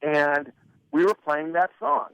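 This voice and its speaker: Animated male radio storyteller, higher voice. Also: slow pace, creaky, smooth, no echo, low-quality recording. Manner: animated storyteller who acts out quoted dialogue; many fillers and repeated starts. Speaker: radio consultant, interview guest. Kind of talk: casual storytelling interview.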